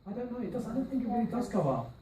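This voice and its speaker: Lively teacher in an echoey classroom. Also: male voice, very high-pitched, rapid-fire. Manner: models phrases with emphatic stress. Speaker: language teacher trainer. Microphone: far camera mic. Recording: roomy classroom from a distance, faint hiss.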